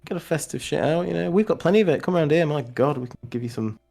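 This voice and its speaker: A man co-hosting a casual podcast stream, relaxed and jokey, greeting chat viewers. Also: fairly high pitch, fast, vocal fry. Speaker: podcast co-host. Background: faint lo-fi music.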